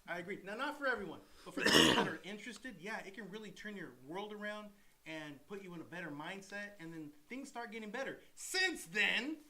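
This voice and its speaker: A man's voice: high-pitched, lively intonation, fast, sharp tone, low-quality recording. A man co-hosting a mortgage podcast, speaking earnestly and repeating phrases for emphasis. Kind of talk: casual podcast talk.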